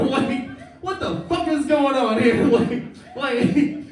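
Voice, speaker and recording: A man's voice: very high voice, sing-song, slow, a little mellow. A male stand-up comedian doing a live set on a club stage, profane and laughing at his own lines. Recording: echoey club from a distant mic.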